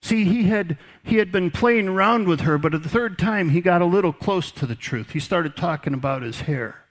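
A man's voice: high-pitched, animated, moderate pace. A man preaching a sermon as pastor, conversational, repeating words and dropping folksy asides.

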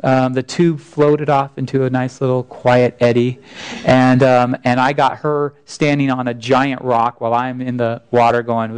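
Earnest pastor, smooth-voiced. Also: male voice, mid-range voice, level tone, unhurried, rough recording. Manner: earnest, folksy, with frequent restarts. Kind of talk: conversational sermon storytelling.

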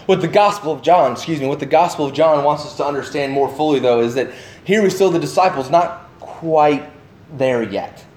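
A man giving a sermon, animated and full of questions to his listeners, acting out the voices of the people in his story. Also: a little high, normal speed, roomy sound. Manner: animated, acts out voices of the disciples; asks the listeners many questions. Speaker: pastor.

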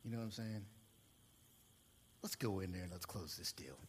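Pushy male car salesman, played by a man, hushed rapid patter, low. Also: slightly rough. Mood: hushed persuasion.

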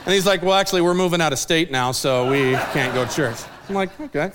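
A man's voice: fairly high pitch, quick pace, hardly any pauses, background noise. A man preaching a sermon as pastor in a church, casual and joking as he acts out people's lines. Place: church sanctuary.

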